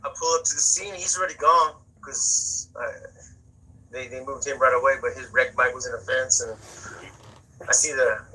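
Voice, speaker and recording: A man with a husky, raspy voice that still cuts through bright and sharp. He talks loosely and profanely in a casual interview, circling back and repeating words as he goes. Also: mid-range voice, fairly even intonation, moderate pace, low-quality recording. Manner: profane, rambling, repeats words while searching. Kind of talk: casual spoken storytelling.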